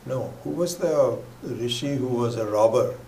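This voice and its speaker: A man's voice: medium pitch, unhurried, gravelly, warm tone, a little hiss or hum. A man teaching a scripture class, rambling with many fillers and restarts, sometimes dropping almost to a whisper. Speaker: spiritual teacher. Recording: echoey room with faint ambience.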